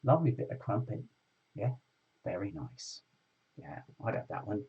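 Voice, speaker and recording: A man's voice: on the low side, very animated, normal speed, breathy edge, muffled recording, pitched below the performer's own voice, heavily acted. A man putting on the voice of a drunk British man in a pub, leering and boastful.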